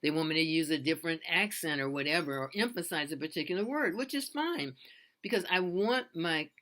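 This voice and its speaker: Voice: medium pitch, expressive, brisk, sharp tone. A freelance voiceover artist giving casual how-to advice, in an earnest, loose way with many restarts and repeats.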